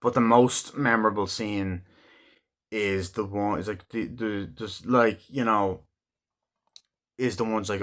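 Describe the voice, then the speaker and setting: A man with a fairly low voice talks through a film in a casual review. He rambles, swears freely and jumps into raised voices to act out the scenes he describes. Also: steady tone, slow, long pauses, a bit bright. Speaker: movie reviewer.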